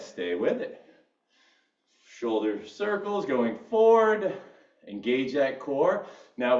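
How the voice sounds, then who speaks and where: A male fitness instructor cueing a live workout class, upbeat and encouraging as he counts down reps. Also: a little high. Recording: roomy echo, distant mic, dull sound.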